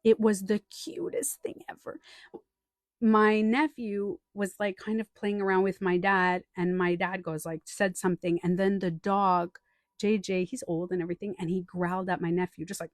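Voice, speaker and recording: A woman's voice: mid-range voice, moderate pace, dry recording. Woman coach chatting on a livestream, mid-range voice, super dry close sound, acts out stories. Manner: chatty, animated storytelling with acted-out quotes. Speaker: life coach and author. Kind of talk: live stream talk answering chat.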